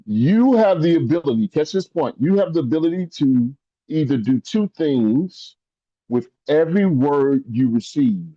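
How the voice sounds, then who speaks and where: A man giving an impassioned motivational talk, preacher-like, repeating phrases and rising to high emphatic peaks. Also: lively intonation, measured pace, mellow, no echo, lo-fi sound. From rural upbringing. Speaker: motivational speaker.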